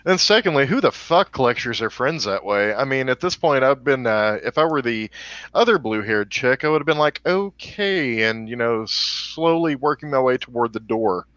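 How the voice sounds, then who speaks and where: A man's voice: mid-range voice, expressive, normal speed, fairly bright tone, dry recording, muffled recording. A man co-hosting a casual chat, blunt and profane with a dry, sarcastic wit. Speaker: co-host.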